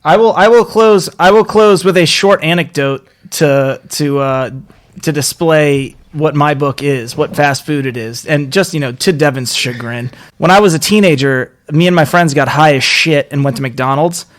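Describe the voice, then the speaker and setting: A man's voice: fairly high pitch, normal speed, a bit bright. A young adult man hosting a podcast in casual chat, joking and rambling with many restarts. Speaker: podcast host.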